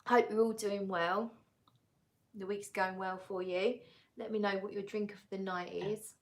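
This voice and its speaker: A tired woman hosts a relaxed live-stream chat, greeting viewers by name and reading their comments aloud. She talks at an unhurried, slow pace, with a chatty, easygoing manner and plenty of little fillers. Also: mid-range voice. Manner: frequent laughs and fillers, easygoing. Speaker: fragrance channel host.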